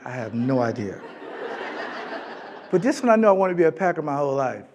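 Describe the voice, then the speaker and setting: A man's voice: sits high, moderate pace. A middle-aged man from Florida, a keynote speaker telling a comic story to a live audience and acting out voices as he goes. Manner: animated, comic, acts out voices in his anecdotes. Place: large event hall.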